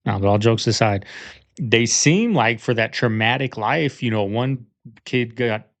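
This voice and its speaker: A man hosting a reaction video talks in a casual, joking way. His voice sits at an ordinary middle pitch. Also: a little slow. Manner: joking, offhand remarks.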